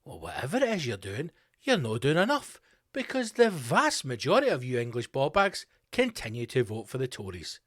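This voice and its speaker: A man's voice: medium pitch, huge pitch swings, moderate pace, fairly bright tone, dry recording, studio quality. A man hosting his own podcast, delivering a sweary, sarcastic comedic rant. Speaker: podcast host. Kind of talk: ranting comedic monologue.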